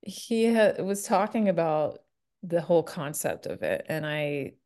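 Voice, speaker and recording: A woman's voice: deep voice, lively intonation, unhurried, a little mellow. A woman chatting casually as an interview guest, giggly and full of fillers. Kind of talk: casual chat.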